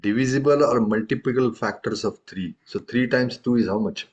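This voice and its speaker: A man's voice: medium pitch, normal speed, darkish tone. A man teaching a tabla lesson, explaining patiently and often checking in with questions. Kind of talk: live music lesson. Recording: dull lo-fi audio.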